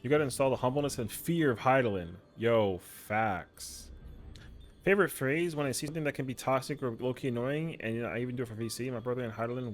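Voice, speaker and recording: A man game streamer in casual stream chat, slangy and animated, saying yo and bro a lot. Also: mid-range voice, fairly quick, faint music behind.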